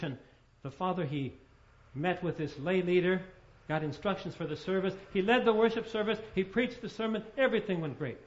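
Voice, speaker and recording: A male pastor preaches a sermon, telling stories and posing rhetorical questions to his listeners. His voice sits high for a man. The recording sounds dull and lo-fi.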